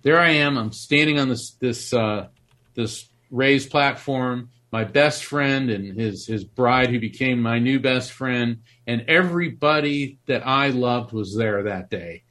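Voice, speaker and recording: A middle-aged man from Florida tells his story in an interview, earnest and animated. He often restarts his sentences. His voice sits in an ordinary middle register. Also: medium pitch, unhurried. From Florida, USA. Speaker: author and psychic medium.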